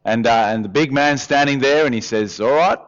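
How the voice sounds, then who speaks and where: A man's voice: medium pitch, moderate pace, lo-fi sound. A man preaching a sermon in a conversational way, often acting out voices. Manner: lively, conversational, often acts out quoted voices. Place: church hall.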